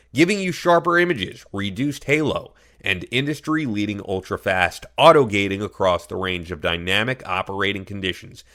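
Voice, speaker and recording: A podcast host reading sponsor ads with an upbeat, emphatic delivery. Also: male voice, low-pitched, bright, forceful tone. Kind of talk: ad read.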